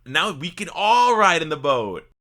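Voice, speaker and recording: A man co-hosting a casual gaming podcast, animated and jokey, often breaking into exclamations. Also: on the high side, measured pace. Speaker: podcast co-host.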